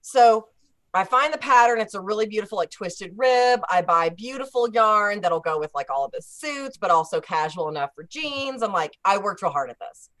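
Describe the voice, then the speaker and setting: A woman's voice: medium pitch, moderate pace. A woman guest telling a casual story, acting out the voices of the people she quotes. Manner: lively storyteller who acts out quoted voices.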